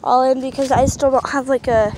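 A fairly quick, steady-toned high voice belongs to a young woman vlogging outdoors at a horse pasture. She rambles chattily while doing chores, speaking sweetly to her horses on a handheld camera amid noisy outdoor sound.

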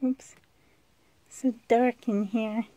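A woman vlogger chatting excitedly from a dim room at home, her voice sitting a little high. She talks at a slow, unhurried pace and now and then drops to a hushed whisper. The sound comes from a handheld camera held indoors. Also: lo-fi sound. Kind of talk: casual vlog chat.

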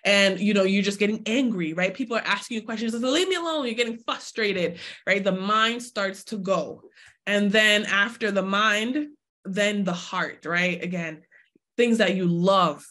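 A woman's voice: medium pitch, steady tone, unhurried, fairly bright tone. A woman in her twenties speaking at an online workshop, talking straight to viewers and acting out her own inner voice in quoted asides. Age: 20s. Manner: addresses viewers directly, asks for chat replies. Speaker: summit speaker. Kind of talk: live online workshop talk.

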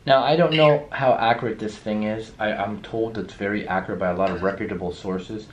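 A young man vlogging a night of ghost hunting in a hotel room, talking in hushed tones and calling out to spirits. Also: on the low side, a little fast. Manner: hushed then suddenly loud, calling out to spirits. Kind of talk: casual ghost-hunting vlog. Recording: echoey room, clear background noise.

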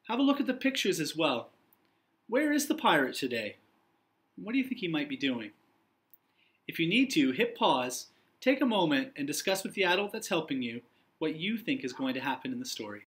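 A young man, a teacher, reading a picture book aloud to young children in an encouraging, expressive way. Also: fairly high pitch.

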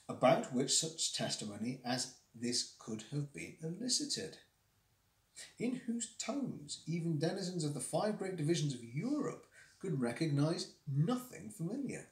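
A man voicing a cool, analytical gentleman detective who reasons aloud in a measured, lecturing manner, read from a classic story on a livestream. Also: on the high side. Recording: roomy echo.

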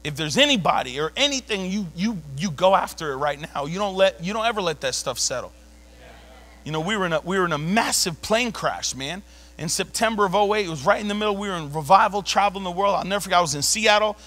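High, bright-voiced shouting male preacher. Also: fast talker. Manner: animated, shouting, laughing storyteller. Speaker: pastor. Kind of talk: sermon with personal story. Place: church.

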